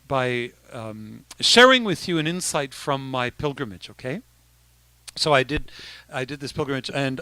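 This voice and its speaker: Man, bishop, relaxed talk to teens, bright tone, dry close sound, chatty restarts. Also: mid-range voice, no room sound. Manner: conversational, with many restarts and asides. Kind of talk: informal talk to youth.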